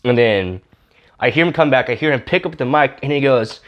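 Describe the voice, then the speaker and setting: Man telling a lively faith story. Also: mid-range voice, brisk. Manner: animated storyteller, acts out the other gamer in a raised voice. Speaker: testimony speaker. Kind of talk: storytelling testimony.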